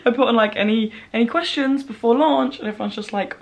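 A young woman in her twenties talking casually to camera, excitable and emotional, fast and breathless. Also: fairly high pitch, slight background noise. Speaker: vlogger. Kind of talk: casual vlog talk.

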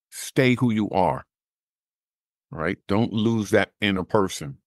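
A middle-aged man telling a personal story as an interview guest, animated and acting out the dialogue he recalls. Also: lowish voice, no echo, studio quality. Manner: animated storyteller who acts out quoted dialogue, laughs at his own jokes.

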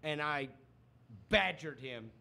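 Hosting a sports radio show, a man with a slow, creaky voice on the high side tells a story in casual studio banter. He's an animated storyteller who acts out quotes, recorded on a studio microphone.

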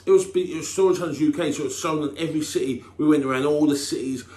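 An English man chatting casually as a TV personality, rambling and restarting, breaking into loud catchphrase shouts. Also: rapid-fire, echoey room. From England. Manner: rambling, full of restarts and "you know what I mean", bursts into loud "Boom" shouts. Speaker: TV personality answering fan questions. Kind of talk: casual chat.

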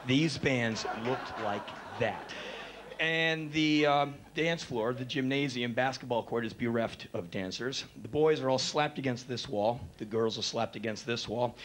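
A middle-aged man telling stories live on stage, animated and acting out the people in them, building to excited outbursts. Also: mid-range voice. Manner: animated, acts out voices, builds to excited shouts. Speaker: spoken word performer. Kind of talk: live spoken word storytelling. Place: live stage before an audience. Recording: live concert recording with faint crowd noise.

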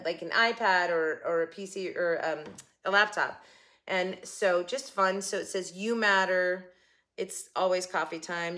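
A woman's voice: mid-range voice, bright, forceful tone. An older woman chatting casually to camera about her shopping haul, giggling and joking with someone off camera. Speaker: haul vlogger.

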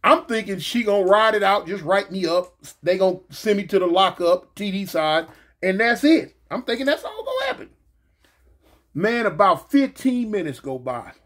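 A man casually telling a story from his past, slangy and animated, jumping in pitch and making sound effects as he goes. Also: moderate pace. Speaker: storyteller recounting his prison days.

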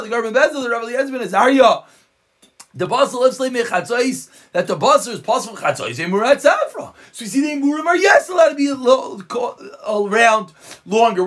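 A man teaching a daf yomi Talmud lesson in a high, slightly husky voice. He moves back and forth between reading Aramaic lines and quick English explanation. His pitch swings up and down, and he stops to correct himself as he goes. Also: a bit bright.

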